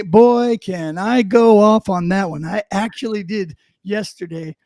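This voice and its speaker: A middle-aged man co-hosting a live stream, talking in a loose, rambling way full of ums and restarts, sometimes putting on a playful news-anchor voice. His voice sits a little high but sounds mellow and dark. The sound is dry and close, with no room around it. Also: no room sound. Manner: rambling, many fillers and restarts; mock news-anchor delivery for headlines. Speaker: co-host of a live show. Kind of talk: casual live-stream chat.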